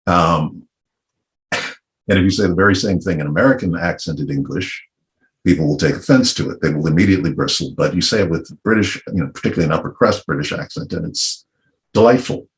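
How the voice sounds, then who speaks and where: A middle-aged man from Virginia speaking on a panel discussion in a thoughtful, unhurried and wry way. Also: low voice. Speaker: panel guest.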